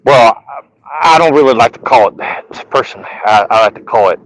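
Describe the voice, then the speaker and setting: A man's voice: mid-range voice, lively intonation, a little fast, a little hiss or hum, low-quality recording. A man co-hosting a casual podcast, rambling and joking, and reading short lines of his own verse aloud. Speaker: podcast co-host.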